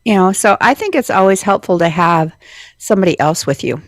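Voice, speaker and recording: A woman's voice: medium pitch, animated, fairly quick, no echo, studio quality. Conversational middle-aged woman on morning radio. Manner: conversational, reads lists, trails off. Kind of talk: casual radio chat. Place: radio studio. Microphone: studio mic.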